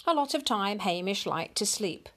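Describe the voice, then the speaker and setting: A woman reading a picture storybook aloud in a slow, expressive storyteller manner. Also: medium pitch.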